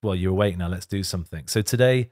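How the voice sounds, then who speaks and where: A man's voice: sits low, fast, darkish tone, no room sound, studio quality. A middle-aged man, a guest on a podcast, talking candidly in casual chat, laughing often and sometimes tearful. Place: podcast studio. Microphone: studio microphone.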